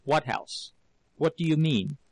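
A man voicing a desperate, furious young working man in an audiobook, shouting his demands. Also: on the high side, unhurried, no room sound. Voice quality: shouting, then hoarse whispers. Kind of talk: audiobook character reading.

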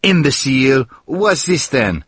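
A man voicing an excitable, brash woman who scolds in shrill outbursts. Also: unhurried, breathy edge, dry recording, clean studio sound, full character voice. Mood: scolding.

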